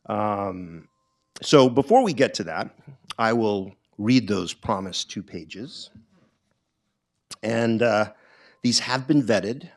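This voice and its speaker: A middle-aged man, an author, speaking to an audience at a bookstore event in a reflective, halting way, with frequent ums and restarts. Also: lowish voice, expressive.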